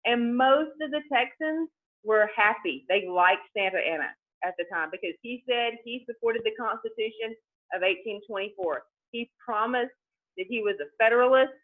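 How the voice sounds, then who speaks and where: A woman's voice: a little high, moderate pace. A woman teacher giving a conversational history lecture, talking straight to her students and often repeating words. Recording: tinny phone-like sound.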